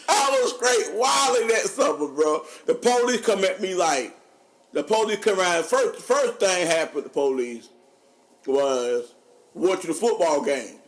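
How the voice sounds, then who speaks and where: A man, a podcast co-host telling funny stories in casual chat, animated and laughing often. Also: takes it slowly. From North Carolina. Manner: animated, laughing often, drops low for quoted voices. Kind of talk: casual storytelling.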